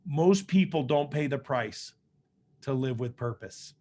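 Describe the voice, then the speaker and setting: A man's voice: mid-range voice, expressive, measured pace, warm tone. Casting note: middle-aged man, mid-range voice, earnest motivational storyteller, loose and conversational. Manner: earnest, conversational, frequent fillers and restarts. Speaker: motivational speaker. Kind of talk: personal storytelling speech.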